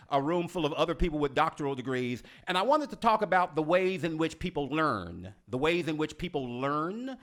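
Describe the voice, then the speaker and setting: Animated man coaching on leadership. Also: fairly high pitch. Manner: expressive teacherly delivery, slows for emphasis. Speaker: leadership coach and video series host. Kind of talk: scripted instructional talk to camera.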